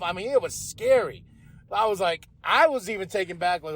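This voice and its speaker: A man hosting a podcast, giving a casual, rambling, profane recap of a TV episode, with loud bursts when excited. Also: high voice, moderate pace, a little hiss or hum. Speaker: podcast host.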